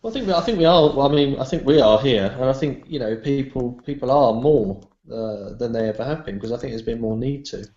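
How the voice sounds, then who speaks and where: A man's voice: medium pitch, fairly quick, few pauses, a little mellow. A man guest in a discussion, rambling loosely with lots of "you know". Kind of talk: casual discussion. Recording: echoey room, dull lo-fi sound.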